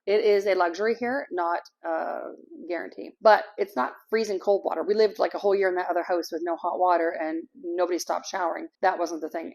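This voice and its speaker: A woman's voice: fairly low pitch, a little mellow. A middle-aged woman from Canada, chatting casually to camera as an expat vlogger, rambling a little and laughing easily.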